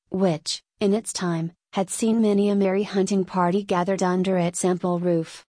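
A woman narrating a historical novel in a steady, even reading voice. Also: medium pitch, no room sound. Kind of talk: audiobook reading.

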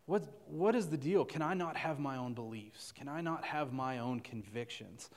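A man's voice: medium pitch, animated, normal speed, in a large hall, natural voice. A man voicing an upset Southern teenage Christian girl, pleading and saying "y'all".

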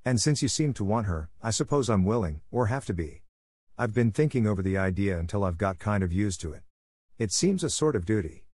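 A man reading the lines of a stern, sharp-tongued older spinster in a brisk, scolding way. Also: on the low side, expressive, breathy edge, dry recording.

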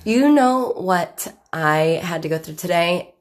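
A woman's voice: on the low side, animated, takes it slowly. A young woman co-hosting a casual podcast, a few beers in, teasing and rambling as she talks. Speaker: podcast co-host. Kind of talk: casual chat.

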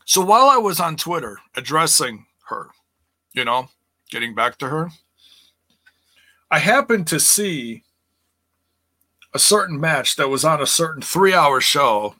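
Podcast host, male, bright forceful tone, dry close sound, casual swearing rant. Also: big pitch swings, measured pace, long pauses, no room sound. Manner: ranting, swears freely, mocks others in a high voice.

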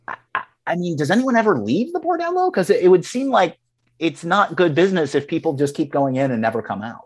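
A man talks through a film in a loose, rambling way. His pitch rises and falls in lively swings, and he often circles back to restart his sentences. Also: fast talker. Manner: rambling, heavy on fillers and restarts. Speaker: podcast co-host. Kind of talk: casual film discussion.

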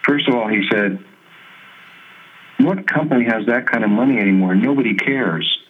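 A man's voice: mid-range voice, normal speed. Man telling stories over a tinny line. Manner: animated storyteller who mimics others' voices and laughs often. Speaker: guest musician. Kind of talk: conversational storytelling in an interview.

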